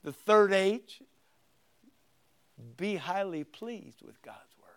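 Older male pastor, high voice, animated sermon delivery with loud emphatic points and soft asides. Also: takes it slowly, smooth. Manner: animated preaching, swinging between loud emphatic lines and quiet asides.

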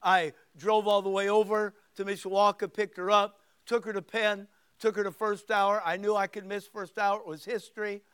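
A man in his sixties preaching, with a very high, smooth and clear voice. He tells a folksy story and acts out the voices in it, then builds into forceful preaching. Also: little pitch movement, normal speed, few pauses. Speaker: pastor. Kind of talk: sermon with storytelling.

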